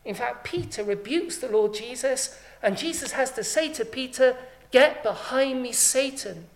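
A woman delivers a sermon with a slightly high voice. She preaches emphatically, letting her volume swell and drop to drive points home. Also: animated, normal speed. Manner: emphatic, rising and falling in volume for stress.

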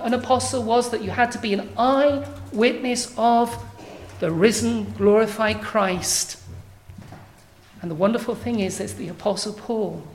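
A woman preaching a sermon in a measured, emphatic way, building to strong declarations. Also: a little high, a little hiss or hum.

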